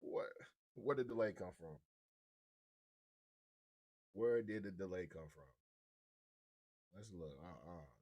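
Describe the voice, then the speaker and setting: A man's voice: sits low, expressive, slow, pauses often, a little mellow, no room sound. A man hosting a live sports commentary stream, talking in a slangy, taunting way and repeating his lines in a sing-song chant. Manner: slangy, casual. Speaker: streamer host.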